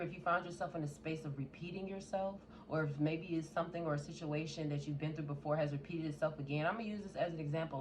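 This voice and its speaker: A woman giving a casual tarot reading in a blunt, profane, animated way. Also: low-pitched, slight background noise. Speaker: tarot reader.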